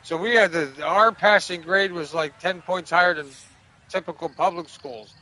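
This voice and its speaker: A man's voice: high voice, moderate pace, sharp tone, rough recording. A man casually commentating a golf video game, joking and cursing back at the game's commentators. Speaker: gaming streamer. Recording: game crowd and noise behind. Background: golf game crowd ambience.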